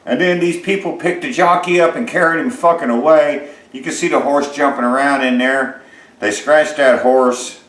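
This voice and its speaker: A middle-aged man hosting a home cooking vlog, chatting in a rambling, folksy way, swearing freely and filling pauses with lots of uhs. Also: mid-range voice, steady tone, a bit bright. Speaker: home cooking show host. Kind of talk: casual cooking vlog chat. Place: home kitchen. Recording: roomy echoey kitchen sound.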